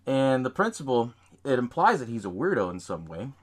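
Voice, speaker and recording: Man host, loose and swearing film recap, animated ups and downs in pitch. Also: fairly quick. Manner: rambling, profane, laughs at own retelling. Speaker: podcast host. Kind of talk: casual movie recap.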